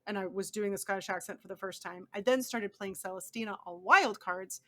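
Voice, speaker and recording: A young woman chatting as an interview guest, enthusiastic and quick to laugh, with many restarts. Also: mid-range voice, pushed and bright. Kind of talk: casual interview chat.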